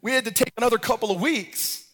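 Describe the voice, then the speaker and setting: A man's voice: very high voice, fast, fairly bright tone. A middle-aged man pastor delivering a sermon, telling stories and swinging into a sung, preachy cadence.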